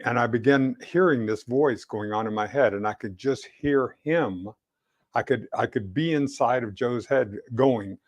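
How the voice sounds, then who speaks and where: A man co-hosting a casual political chat show, talking in halting bursts with many restarts. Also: mid-range voice, highs cut off. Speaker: co-host.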